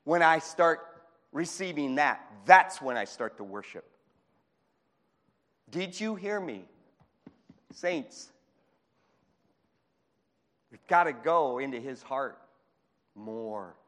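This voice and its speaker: A man preaching a fervent sermon in a church, moving between shouting and hushed speech. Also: a little high, expressive, slow, pauses often. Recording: long hall reverb.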